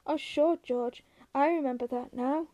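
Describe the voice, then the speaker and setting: A woman voicing a huge, slow, gentle man who talks softly and pleads like a child, raising her voice higher for him. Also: lo-fi sound. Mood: pleading.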